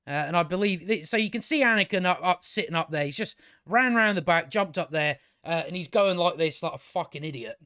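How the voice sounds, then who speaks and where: Sweary rambling man, high voice. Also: a little fast, sharp tone. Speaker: video reviewer. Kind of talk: casual commentary over clips.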